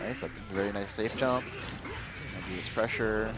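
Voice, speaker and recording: A man casually commentating a fighting game tournament match, chatty with lots of fillers and quick reactions. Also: fairly low pitch, steady tone, music in the background, poor audio. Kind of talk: casual live esports commentary.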